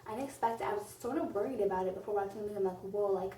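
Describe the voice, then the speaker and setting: Woman, movie review vlog, rambling and gushing, mellow voice, echoey room, a bit off-mic. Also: medium pitch, rapid-fire, far from the mic. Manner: gushing, rambling, heavy use of "like". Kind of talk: casual movie review chat. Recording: roomy echo, off-mic, faint noise.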